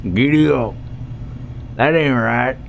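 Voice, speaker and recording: A man's voice: medium pitch, takes it slowly, creaky, slight background noise. A man voicing a drunk American redneck trucker who keeps asking for moonshine, in a put-on Southern American drawl. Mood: drunken drawl.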